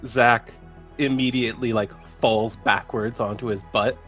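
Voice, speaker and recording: A man playing a tabletop game, excitable, often stammering and restarting his lines. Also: mid-range voice, measured pace, breathy edge, lo-fi sound, soft background music. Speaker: player. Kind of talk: casual tabletop play.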